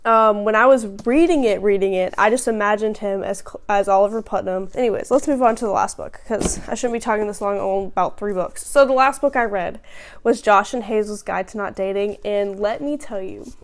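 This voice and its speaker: A woman's voice: medium pitch, a little fast. A woman chatting casually as a book vlogger, rambling with many fillers and restarts. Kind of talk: casual book review chat.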